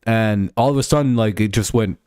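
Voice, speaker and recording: A man's voice: on the low side, fairly quick, darkish tone, clear, resonant tone, no echo. A man streaming live, talking football in a rambling, profane way with lots of fillers and restarts. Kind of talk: casual live-stream sports chat.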